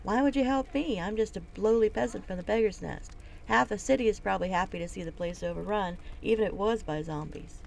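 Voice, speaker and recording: A woman's voice: mid-range voice, fast talker, gravelly, darkish tone, voice pushed up, natural voice, low-quality recording. A woman reading a bitter halfling beggar. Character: bitter small halfling beggar, homeless and proud.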